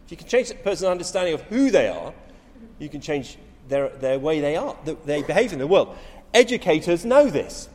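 A man's voice: on the high side, sing-song, brisk, darkish tone, big-room sound. A middle-aged man preaching a sermon, telling stories with rising emphasis and frequent restarts.

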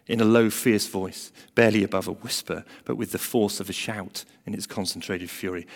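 A man preaching a sermon who tells a story emphatically, swinging between loud emphasis and hushed asides. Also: on the low side, fairly even intonation, fairly quick, creaky, hardly any pauses. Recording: long hall reverb.

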